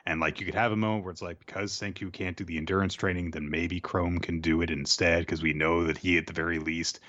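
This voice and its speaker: A man's voice: low-pitched, steady tone, fast talker, fairly bright tone, dry recording, muffled recording. A man co-hosting a casual chat who muses aloud and hedges often with fillers. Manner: rambling, hedging with fillers. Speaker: podcast co-host.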